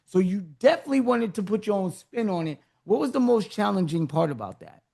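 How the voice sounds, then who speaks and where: An enthusiastic podcast host with a gravelly, fry-heavy voice in a mid register. The host keeps cheering the guest on and firing questions in a loose, casual way. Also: mid-range voice, very animated, fairly quick. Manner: hyped and encouraging, gives big shout-outs.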